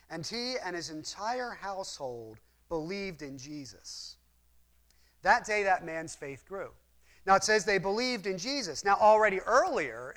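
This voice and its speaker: Male Bible teacher with a high-pitched voice, earnest and explanatory, asks questions of the listeners. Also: a bit bright. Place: room with a map display.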